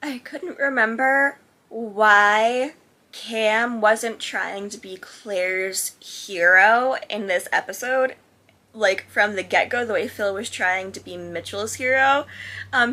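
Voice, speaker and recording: A woman's voice: fairly high pitch, sharp tone. A woman hosting a reaction video, talking casually and effusively with lots of "like" fillers. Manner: chatty and effusive, many "like" fillers. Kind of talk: casual commentary while watching a sitcom.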